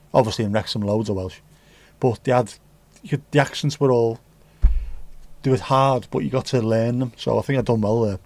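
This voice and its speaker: Recorded with no echo, a man with a mid-range, slightly mellow voice hosts a livestream. He's from England and chats casually, reading viewer comments amid rambling jokey asides and free swearing.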